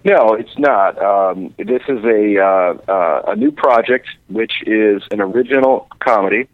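A man's voice: on the low side, unhurried, dry recording, phone-quality sound. A man calling in to a radio chat as a film director, joking and self-mocking.

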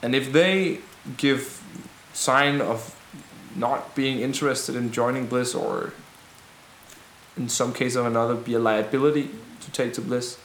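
A man voicing a male rebel leader who calmly addresses frightened townsfolk in a tabletop game, speaking slowly and deliberately. His words come across clearly. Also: mid-range voice, echoey room, a little hiss or hum. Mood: earnest, reassuring.

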